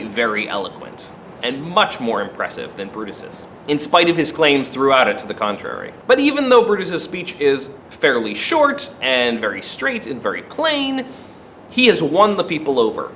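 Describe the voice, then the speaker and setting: A man teaching a literature lesson. His voice sits fairly high and swoops lively up and down, and he keeps his explanations animated, with wry asides. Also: a little hiss or hum.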